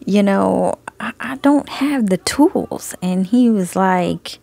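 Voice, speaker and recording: A woman's voice: medium pitch, animated, slow, creaky, mellow, no room sound. A woman giving a casual spoken testimony, telling her story with animation, laughing often and acting out both sides of her conversations, recorded on a phone. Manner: frequent laughter. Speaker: Christian video creator sharing messages.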